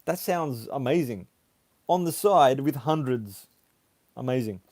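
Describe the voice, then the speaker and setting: A man hosting a casual livestream, chatting haltingly as he reads viewer comments aloud. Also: medium pitch, lively intonation, a little mellow, no echo. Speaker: livestream host. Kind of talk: casual live chat reading comments.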